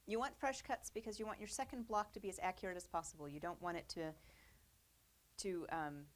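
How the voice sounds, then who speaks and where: Speaking a little fast in a steady, low-sided voice, a quilting instructor gives a casual studio demonstration. She's chatty and upbeat throughout, with fillers and small laughs.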